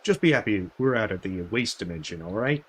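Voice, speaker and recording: A man's voice: lowish voice, expressive, a little fast, husky. A man doing whiny bickering gremlin guards. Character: grumbling gremlin guards on cold night watch.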